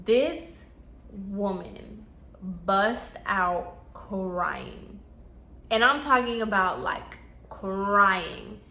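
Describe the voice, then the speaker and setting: A woman's voice: mid-range voice, animated, very slow, pushed and bright. A woman telling a casual storytime about a coworker, chatty and full of fillers. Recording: echoey room.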